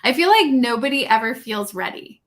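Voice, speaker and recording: A woman hosting a relaxed interview, with a high, bright voice. She is agreeable and laughs easily as she chats with her guest. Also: a little fast. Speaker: podcast host. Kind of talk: casual interview chat.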